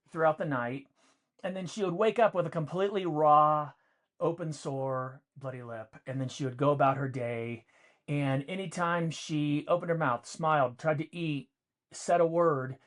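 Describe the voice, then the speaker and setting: Middle-aged man, podcast co-host, candid personal storyteller who hammers points home through repetition. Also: fairly high pitch. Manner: emphatic, repeats key points for effect.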